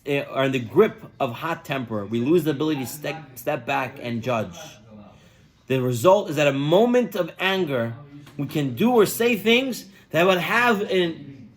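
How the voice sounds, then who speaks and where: A rabbi delivers a sermon in a slightly high voice. He tells stories with animation, acting out each character, and goes quiet when he wants a lesson to land.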